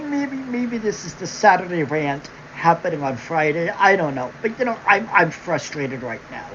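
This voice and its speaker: A woman's voice: fairly low pitch, very animated, normal speed, few pauses, fairly bright tone, slight background noise. A woman hosting a livestream, ranting angrily at her viewers, mocking them with sarcasm and constant swearing. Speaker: livestream host. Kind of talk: profane livestream rant. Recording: dull lo-fi stream audio.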